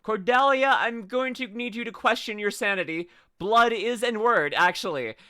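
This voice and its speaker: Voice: medium pitch, sharp tone, no room sound, studio quality. A streamer rambling goofily and riffing while reacting to videos in casual live chat. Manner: goofy, rambling, quick to laugh and riff.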